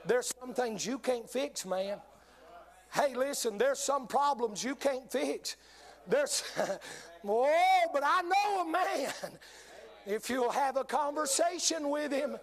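A man's voice: very high-pitched, slow. A man preaching a sermon with passion, quoting King James scripture. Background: soft music.

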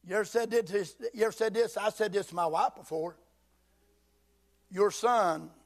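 A man pastor preaching a sermon, reading King James scripture slowly and breaking in with folksy asides, at times shouting for emphasis. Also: sits high. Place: church sanctuary.

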